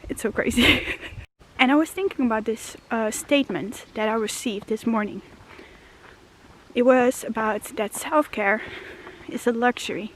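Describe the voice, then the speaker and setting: Slightly high-voiced woman vlogging on a forest walk, a bit out of breath, lots of you know and little laughs. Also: normal speed, slight background noise. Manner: earnest, musing, many "you know" fillers, laughs often. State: out of breath from walking. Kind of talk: walk-and-talk spiritual vlog. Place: forest path outdoors.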